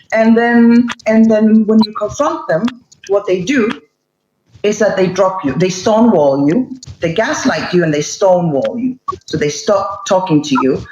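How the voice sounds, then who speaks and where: Woman guest, emphatic explainer; roomy, dull remote line with loud hiss behind her. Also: lowish voice. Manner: emphatic, acts out quoted lines. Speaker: podcast guest. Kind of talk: explanatory casual talk. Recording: roomy muffled mic with loud background noise.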